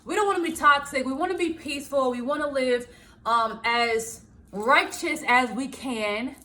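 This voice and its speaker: High-voiced woman vlogger, animated and laughing. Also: moderate pace. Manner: animated, laughing, acts out her own inner voice. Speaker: small business owner and vlogger. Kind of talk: casual self-help talk to camera.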